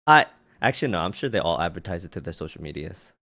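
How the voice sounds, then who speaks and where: Guy cohosting a podcast, lively swinging voice, teasing, keeps repeating himself. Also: sits low, fast talker. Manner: animated, teasing, repeats words. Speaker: podcast co-host. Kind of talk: casual chat.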